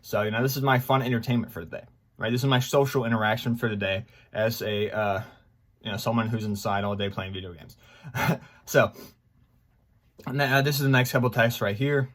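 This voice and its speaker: A man in his twenties talking to his viewers in a casual, rambling vlog, excitable and full of fillers. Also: medium pitch, brisk. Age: 20s. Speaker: gaming YouTuber.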